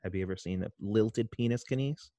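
Man, podcast co-host, casual rambling chat, low voice, dry sound. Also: a little fast, dark tone, no echo. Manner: rambling, laughs often, many fillers. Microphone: headset.

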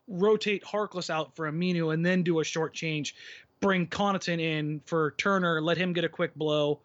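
A man co-hosting a basketball podcast talks in long, rambling, opinionated runs and keeps restarting his thoughts. His voice sits a little high. The recording sounds dull and muffled. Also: a bit bright. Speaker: podcast co-host. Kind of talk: casual basketball podcast chat.

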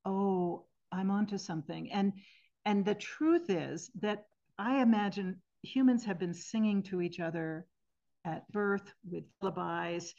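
A woman in her sixties who sings for people at the end of life is an interview guest on a podcast. She's earnest and reflective, often pausing and gently restarting to rephrase, in a low, creaky voice. The audio is a little dull and muffled.

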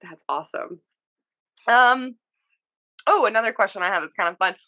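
A woman's voice: medium pitch, expressive, normal speed, sharp tone. A woman hosting a podcast interview in casual chat, reacting eagerly and laughing often. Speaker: podcast host.

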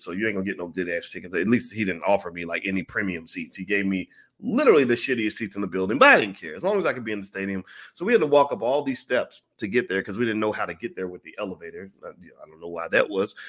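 A man vlogger telling a story in a casual way, acting out the people in it. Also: lowish voice. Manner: animated, acts out the people in his stories.

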